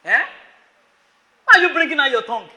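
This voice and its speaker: A man's voice: extremely high pitch, expressive, brisk, pushed and bright. A man with a Nigerian accent preaching a sermon to students. He scolds them with rhetorical questions and calls on listeners by name. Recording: echoey hall.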